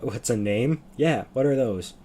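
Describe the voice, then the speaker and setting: A man's voice: mid-range voice, a little slow, warm tone, a little hiss or hum. Rambling young man streaming. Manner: rambling, loses his train of thought. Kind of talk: casual livestream chat.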